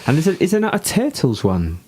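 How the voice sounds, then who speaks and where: A man chatting casually on a podcast in a relaxed, dry way. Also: fairly high pitch, fast talker, slightly rough. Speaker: podcast co-host. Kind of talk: casual chat.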